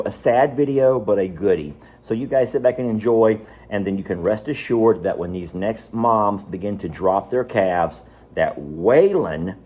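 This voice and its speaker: A man, talking casually to viewers of his animal sanctuary vlog in a folksy, drawn-out way, outdoors on a farm. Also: deep voice, darkish tone, breathy edge. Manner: folksy, drawn-out, slow emphasis. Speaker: animal sanctuary owner and vlogger.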